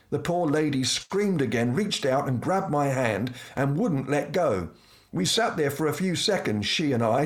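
Dry-witted man telling a comic story. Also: a little high. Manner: dry, self-mocking wit with lively voiced asides. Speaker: preacher telling a personal anecdote. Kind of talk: scripted humorous storytelling.

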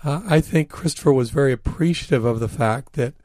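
A man telling stories as a guest in an interview, earnest and full of fillers, slowing down for emphasis. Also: medium pitch, darkish tone, no echo, studio quality. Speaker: author and guest. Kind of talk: storytelling in an interview. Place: studio.

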